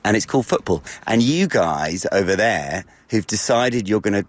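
A man's voice: on the low side, animated, moderate pace. A man chatting casually as an interviewee, good-humoured and a little hesitant. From Britain. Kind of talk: casual chat.

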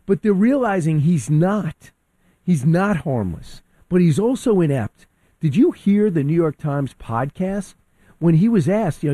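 Man, radio guest, heated opinions, repeats words, slightly high pitch, warm tone. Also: lively intonation, a little slow, dry recording. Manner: heated, restarts and repeats words, acts out quotes. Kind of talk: opinionated talk radio discussion.

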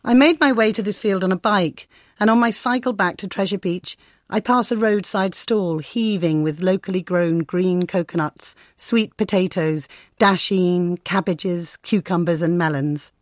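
Female correspondent, measured scripted radio narration, slightly low pitch. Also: dry recording, studio quality. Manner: measured, descriptive storytelling. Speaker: foreign correspondent.

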